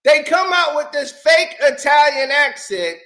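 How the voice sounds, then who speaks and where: Angry male commentary host, very bright sharp tone, heated rant. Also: extremely high pitch, animated, a little slow. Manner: angry, shouting, repetitive.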